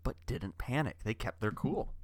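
A man's voice: medium pitch, expressive, moderate pace. A man co-hosting a comedy podcast, making grand, doom-laden pronouncements with mock seriousness. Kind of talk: deadpan comedy banter.

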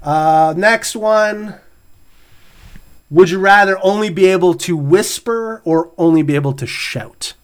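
A man's voice: high voice, unhurried, clear, resonant tone. A middle-aged man hosting a podcast, chatting casually, laughing often and reading out questions. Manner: laughs often, reads out would-you-rather questions. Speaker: podcast host. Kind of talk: casual chat.

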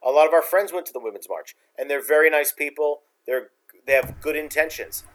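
A man's voice: fairly high pitch, fairly quick, a bit bright, rough recording. A man co-hosting a casual political chat, blunt and casually swearing, with plenty of hesitant fillers.

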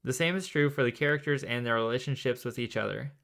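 A man's voice: mid-range voice, fast talker, creaky, fairly bright tone. A man co-hosting a faith and film podcast, reflecting at length in a thoughtful, rambling way. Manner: thoughtful, rambling, many fillers. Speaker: podcast co-host. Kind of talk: casual chat.

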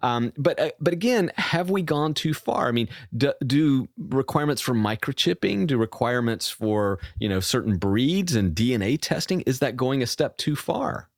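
Animated man telling a story on a podcast. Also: mid-range voice, normal speed, gravelly, hardly any pauses, dry recording, studio quality. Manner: animated storyteller, acts out quoted voices. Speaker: podcast co-host. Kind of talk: casual podcast chat.

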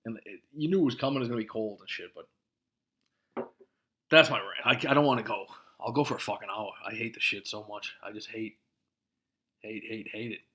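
A man's voice: lowish voice, moderate pace, long pauses, pushed and bright. A man hosting a podcast, ranting casually with lots of swearing and short laughs. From Massachusetts. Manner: profane, laughing, worked-up ranting. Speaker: podcast host.

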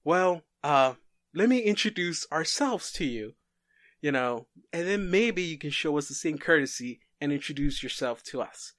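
A man's voice: fairly high pitch, expressive, normal speed, a bit bright, no echo, clean studio sound. A man playing a smug masked warrior. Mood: mock-polite. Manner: breezy, mock-polite. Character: cocky masked male warrior being, smug and casual.

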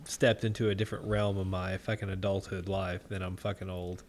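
A man's voice: low-pitched, flat delivery, brisk, slight background noise. A man in his thirties co-hosting a podcast, telling crude stories in casual banter, rambling and profane, laughing at his own tales. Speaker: podcast co-host.

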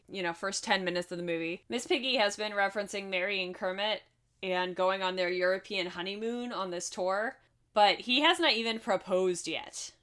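A woman's voice: mid-range voice, a bit bright, clean tone. A woman co-hosting a podcast, breezily recapping a film plot with frequent laughs and swearing. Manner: breezy, profane, laughs often. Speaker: podcast co-host. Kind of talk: casual movie recap chat.

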